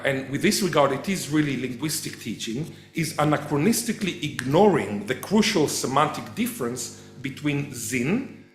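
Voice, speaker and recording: Man lecturing in an echoey hall. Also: fairly high pitch. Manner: animated storyteller, quotes voices, restarts. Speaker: professor and lecturer. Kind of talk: public lecture. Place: event hall.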